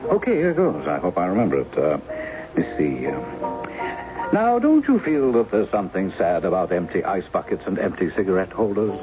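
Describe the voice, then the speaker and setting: A man's voice: low voice, big pitch swings, normal speed. An actor in his forties playing a charming, self-mocking novelist posing as someone else in an old radio drama, teasing and wry, with a dull lo-fi broadcast sound and music behind. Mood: playful. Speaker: impostor posing as a woman's husband. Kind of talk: 1970s radio drama acting.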